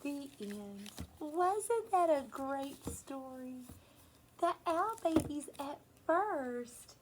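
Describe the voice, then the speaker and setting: A woman teacher reading a picture book to young children in a gentle, sing-song way. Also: high voice, slight background noise, rough recording. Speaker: preschool teacher.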